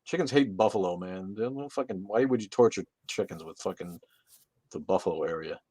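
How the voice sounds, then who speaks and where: A man's voice: low-pitched, brisk, a little mellow, slightly rough, no room sound. A man co-hosting a casual livestream, reading out chat comments with loose, profane jokes.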